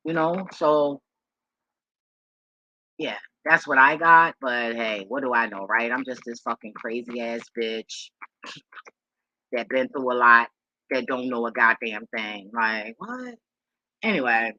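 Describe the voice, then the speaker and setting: Woman vlogger, rambling and profane, bright husky voice, dry close sound. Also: extremely low pitch, slow, long pauses, no room sound, muffled recording. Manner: loose and profane, rambling with many restarts; talks straight to her viewers as y'all. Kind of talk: casual rambling monologue to viewers.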